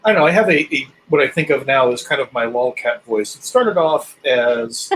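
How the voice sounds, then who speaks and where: A man's voice: medium pitch, lively intonation, normal speed, a bit bright, a little hiss or hum, poor audio. A man co-hosting a podcast, telling stories in an easygoing, casual way. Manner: easygoing storyteller. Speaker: podcast co-host. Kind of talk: casual chat.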